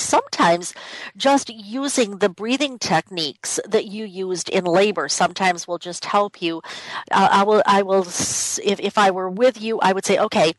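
Warm-up-free radio host: a woman talking in a dry, close voice, casual and emphatic. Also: medium pitch, no echo, rough recording. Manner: emphatic, repeats key points. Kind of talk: conversational radio talk. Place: home office.

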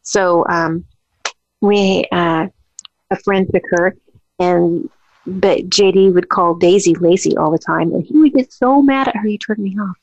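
A woman's voice: on the low side, unhurried, a little mellow, no room sound, lo-fi sound. Chatty woman reminiscing, dry close sound. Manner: chatty, with frequent restarts. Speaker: daughter of the family. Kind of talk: casual reminiscing.

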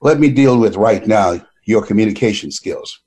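A man giving a motivational speech, telling stories with a preacher-like cadence and repeating words when excited. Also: fairly low pitch, moderate pace, husky. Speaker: motivational speaker.

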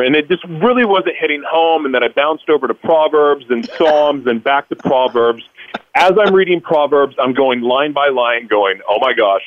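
A man's voice: medium pitch, normal speed, no room sound. A man, a radio show guest, telling an emotional personal story, acting out his past self and stammering through restarts. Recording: dull lo-fi radio broadcast.

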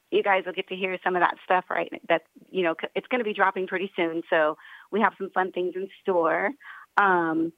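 A woman's voice: fairly low pitch, dry recording. A woman guest on a radio show, chatting in a bubbly, rambling way over a phone line. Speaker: guest musician. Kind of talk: casual interview chat.

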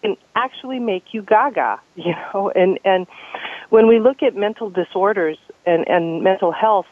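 A man's voice: high voice, normal speed, no echo. A man hosting a radio talk show, speaking in an easygoing, reflective way with an occasional chuckle. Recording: tinny phone-like dry sound.

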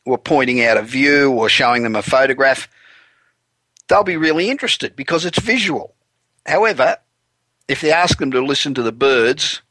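A man hosts a business talk radio show, explaining sales ideas in an upbeat, salesy way. His voice is bright and forceful, recorded close and dry in a studio. He talks at a middling pitch with plenty of push. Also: no room sound.

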